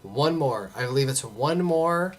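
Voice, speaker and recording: Lively, unhurried gameplay commentator. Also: mid-range voice, soft background music. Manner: mutters self-encouragement and jokes to chat. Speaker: let's play gamer.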